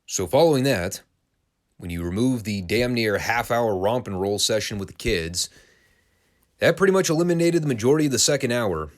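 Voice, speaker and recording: Blunt, opinionated man reviewing wrestling. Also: lowish voice. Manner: blunt, opinionated, swears casually. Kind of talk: opinionated solo review commentary.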